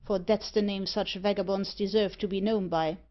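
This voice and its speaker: A woman's voice: mid-range voice, steady tone, normal speed, natural voice. A woman voicing a pompous, easily frightened older male merchant in a storybook reading. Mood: stiff. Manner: indignant and stiff. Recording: muffled lo-fi audiobook recording.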